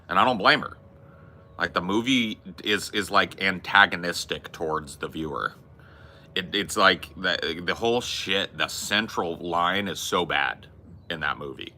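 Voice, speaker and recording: Sitting low and moving at normal speed, his voice is bright and forceful. This podcast host chats casually and rambles, blunt and profane in his movie opinions.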